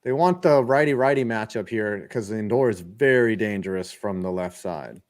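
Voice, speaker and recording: A young man hosting a casual stream, calling baseball play by play in an animated way and often restarting his sentences. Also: on the low side, normal speed. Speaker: host calling a live game.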